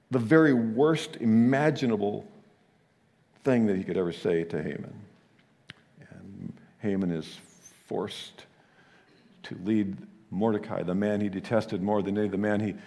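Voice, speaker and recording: A man preaching a sermon, telling the story with animated delivery and frequent chuckles. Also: fairly low pitch, gravelly, long reverb tail.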